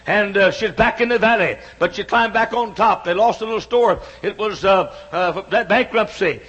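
A man in his sixties preaching a sermon, building repeated phrases up into shouts. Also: high-pitched, normal speed, husky. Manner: rhythmic repetition, rising to shouts. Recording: dull lo-fi sound.

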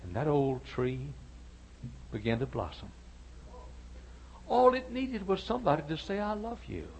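A man preaching a sermon as pastor of a church, moving from soft hushed storytelling to loud, shouted appeals. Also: fairly high pitch, big pitch swings, unhurried, creaky, a little hiss or hum, low-quality recording. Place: church sanctuary.

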